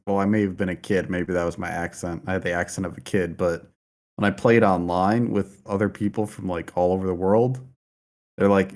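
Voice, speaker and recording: A man's voice: low voice, a little mellow. A young man from Minnesota co-hosting a podcast, talking hesitantly and laughing often. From Minnesota, USA. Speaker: podcast co-host. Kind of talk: casual chat.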